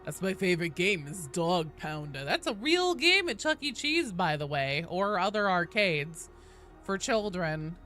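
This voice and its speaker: Animated streamer woman, bright and lively. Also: lowish voice, a little slow, soft background music. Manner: loud excited greetings, swears freely. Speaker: game streamer. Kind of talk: casual chat with stream viewers.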